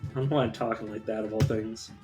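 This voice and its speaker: A man's voice: fairly low pitch, fairly even intonation, fast, dark tone, faint music behind. A man streaming a video game live, chatting casually in a rambling, profane, self-interrupting way.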